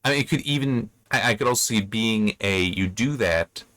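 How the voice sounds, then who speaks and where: A man's voice: lowish voice, fairly quick, fairly bright tone, no echo. A man hosting a casual book review. He rambles, corrects himself mid-sentence and briefly acts out lines from the story. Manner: rambling, self-correcting, acts out quoted characters. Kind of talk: casual spoken book commentary.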